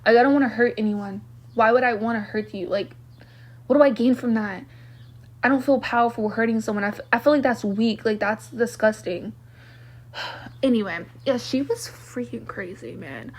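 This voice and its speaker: A woman's voice: fairly high pitch, moderate pace. A young woman vlogging a casual storytime rant, blunt and exasperated, filling her talk with "like". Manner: blunt, exasperated, heavy use of "like".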